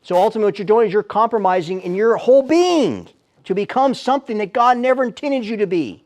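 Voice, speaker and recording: A man's voice: high voice, expressive, quick pace, a little mellow. A man speaking as a Christian apologist, giving an emphatic live teaching talk in a church with rhetorical questions. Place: church sanctuary, before a live audience.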